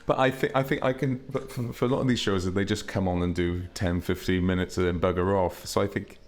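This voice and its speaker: A man's voice: sits low, steady tone, brisk. A man co-hosting a comedy podcast, chatting casually, telling stories and laughing often. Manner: chatty storyteller, laughs often, acts out quotes. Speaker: podcast co-host.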